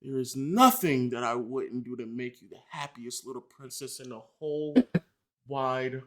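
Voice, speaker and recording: A man voicing a lovesick, obsessive young man who pleads softly and sulkily with the woman he adores. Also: on the high side, normal speed, lightly acted. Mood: sappy pleading. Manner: soft, sulky, pleading, sappy.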